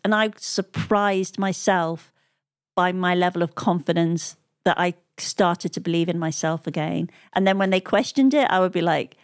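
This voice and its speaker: A woman's voice: fairly low pitch, normal speed, no room sound, studio quality. A woman telling stories as an interview guest, chatting freely, laughing often and quoting the people she met. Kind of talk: conversational storytelling.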